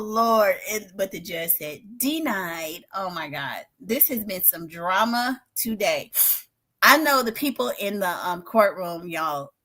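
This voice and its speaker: An excitable woman with a fairly low-pitched voice livestreams about a trial from a spare bedroom turned home studio. She dramatizes everything, exclaiming and laughing loudly and veering between shouting and hushed speech.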